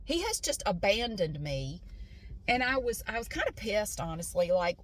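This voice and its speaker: A woman's voice: a little high, sing-song, moderate pace. A woman casually telling a personal story while driving, candid and swearing freely, and acting out the voices of people she quotes. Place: in a car.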